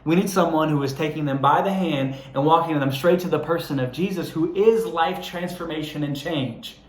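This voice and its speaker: A man's voice: a little high, normal speed, reverberant. A young adult man preaching a sermon, telling a self-deprecating story in a conversational way before turning earnest. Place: church hall.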